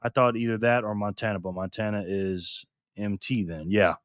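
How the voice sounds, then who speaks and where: A man's voice: lowish voice, big pitch swings, moderate pace, a bit bright, dry recording, clean studio sound. A man from Rochester, New York, hosting a live stream and chatting casually with viewers, greeting them by name as he reads their comments aloud. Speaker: livestream host.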